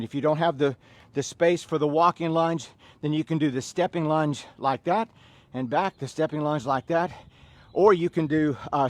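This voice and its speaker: With a slightly high voice and no echo on the recording, a middle-aged man from the American South teaches a workout class. He alternates laid-back storytelling with drill-like commands.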